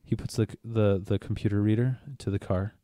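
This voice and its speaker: A man's voice: on the low side, level tone, fairly quick, dark tone, no echo, studio quality. Swearing rambling man. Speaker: podcast co-host. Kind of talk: casual chat, telling a joke.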